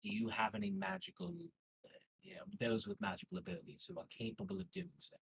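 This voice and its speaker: A man's voice: high voice, wildly swooping pitch, fast talker, vocal fry, a bit bright, slightly rough, pitched above the performer's own voice, full character voice, poor audio. A man voicing a male spellcaster in a tabletop game, asking earnest questions.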